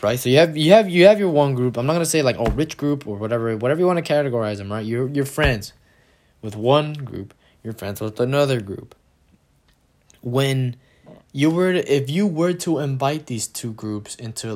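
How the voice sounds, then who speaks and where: Full of profanity, a young man's casual rant often breaks into mocking imitations of others in higher-pitched voices.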